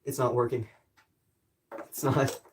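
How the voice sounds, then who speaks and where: A woman's voice: rumbling low, level tone, slow, slight background noise. A young woman streamer in her bedroom, chatting casually and muttering to herself while she tinkers with a gadget. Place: bedroom at home.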